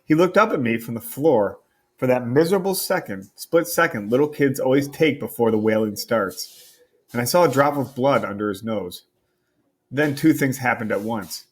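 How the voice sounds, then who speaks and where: A man reading a novel aloud to a class as their teacher, in a wry, conversational storytelling manner with a husky voice. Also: mid-range voice, expressive, moderate pace.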